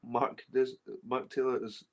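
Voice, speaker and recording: A man's voice: medium pitch, little pitch movement, measured pace. Rambling, swearing Scottish man. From Scotland. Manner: rambling, swearing, repeats himself. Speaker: livestream host reading chat. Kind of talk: casual livestream chat.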